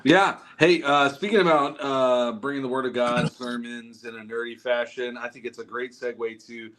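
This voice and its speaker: A man co-hosting a casual podcast, tossing in quick jokes and leading into promos. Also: mid-range voice, steady tone, a bit bright, slight background noise. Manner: quick jokey interjections, reads show promos. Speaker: podcast co-host.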